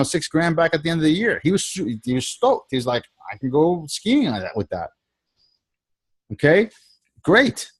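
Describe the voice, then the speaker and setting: A man with a mid-range voice runs a group video call as a sales trainer, coaching in a relaxed way. He tends to ramble, frequently starting sentences over and repeating his phrases.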